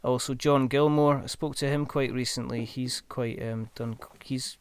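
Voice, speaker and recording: A man's voice: mid-range voice, steady tone, normal speed, clear, resonant tone, no room sound. A Scottish man hosting a podcast interview, rambling casually with many ums and restarts. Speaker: podcast host.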